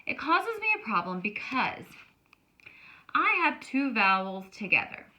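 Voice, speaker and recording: A woman teaches a Spanish grammar lesson, explaining slowly and stretching words out to show how they sound. Her voice is on the high side, sing-song and sharp in tone.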